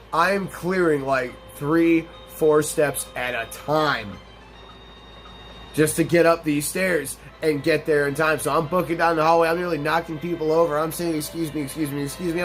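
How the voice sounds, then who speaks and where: Young male gaming host, slightly high voice, casual and profane, telling stories over faint game music. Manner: profane, rambling, animated storyteller. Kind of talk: casual let's-play commentary with storytelling.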